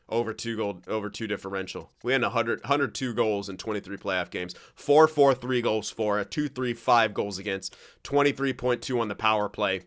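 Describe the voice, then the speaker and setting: Young guy yelling and cursing at his hockey game, bright voice, super clean sound. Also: lowish voice. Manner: excitable, swears often, swings between shouting and grumbling. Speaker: gaming commentator. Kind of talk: live game commentary.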